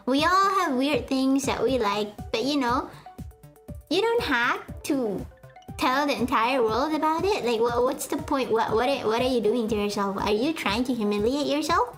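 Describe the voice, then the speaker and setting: A young woman streamer with a fairly high voice, rambling casually to her chat and mocking herself as she goes. Her talk is full of fillers and restarts. Faint music plays softly behind her. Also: fairly quick. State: sweaty.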